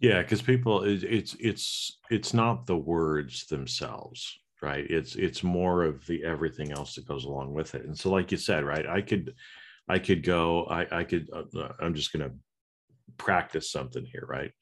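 Deep-voiced man coaching in conversation. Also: normal speed. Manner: conversational, restarts and repeats words while thinking aloud. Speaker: podcast co-host and leadership coach. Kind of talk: casual chat.

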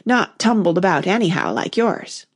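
A woman's voice: mid-range voice, sing-song, normal speed, slightly rough, no echo, clean studio sound. A woman reading aloud and voicing a proud, bossy talking tiger lily flower with a haughty, commanding manner.

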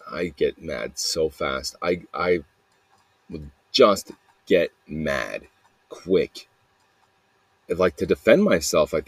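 A man's voice: deep voice, a little mellow, husky, dry recording. A man hosting a podcast, rambling through a personal monologue with frequent swearing and flashes of anger. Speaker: podcast host.

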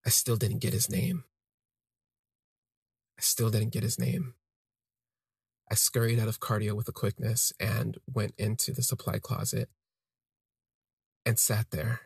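A man telling a personal story in an expressive, self-deprecating way, drifting into asides. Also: fairly low pitch, measured pace, gravelly, long pauses, slightly rough, no echo, studio quality. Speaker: podcast storyteller.

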